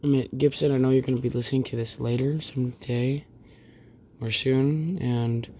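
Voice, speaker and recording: A man's voice: mid-range voice, steady tone, moderate pace, dark tone. A young man co-hosting a podcast at home, tipsy, rambling and crude in casual chat. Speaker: podcast co-host.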